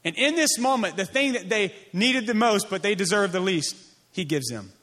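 A man with a fairly high voice delivers a sermon as a pastor. He stacks phrases in an emphatic, repeating cadence. On key lines he sinks to a soft, slow voice. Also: animated. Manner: emphatic, repetitive preaching cadence.

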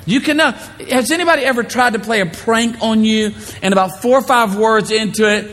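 A man preaching a sermon, telling playful stories and acting out shouted voices. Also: sits high, brisk, few pauses, in a large hall. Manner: animated, playful storytelling with shouted impressions. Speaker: pastor.

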